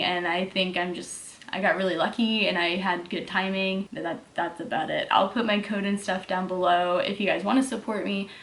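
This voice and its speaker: A woman's voice: mid-range voice, a bit bright, roomy sound. A young woman from Texas with a mild Texas accent, chatting casually as she answers viewer questions, with lots of "like" fillers. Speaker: fitness vlogger. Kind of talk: casual Q&A vlog.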